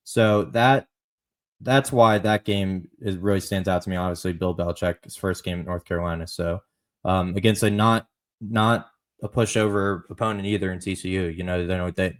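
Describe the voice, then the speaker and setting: A man hosting a solo college football podcast, talking conversationally, often restarting and repeating phrases, and growing emphatic when he praises players. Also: sits low. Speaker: podcast host.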